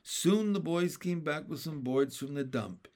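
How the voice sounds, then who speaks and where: A man reading a children's chapter book aloud in a steady, plain storybook narration. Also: on the high side, a little slow.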